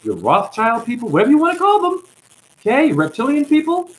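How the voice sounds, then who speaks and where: A man's voice: very high-pitched, wildly swooping pitch, a little fast, rough recording. A man giving an impassioned spiritual monologue as a self-styled teacher, ranting at his viewers and calling them honey. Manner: ranting, calls listeners honey.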